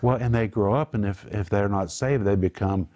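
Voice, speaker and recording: Man, low voice, Bible teacher, preaching style, emphatic, earnest. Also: moderate pace, mellow. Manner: earnest, emphatic, prays aloud. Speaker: Bible teacher on a Christian talk show.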